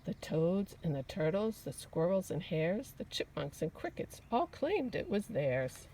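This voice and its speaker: A woman reading a rhyming picture book aloud to children, with an expressive, sing-song cadence. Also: fairly low pitch, unhurried, slight background noise, poor audio.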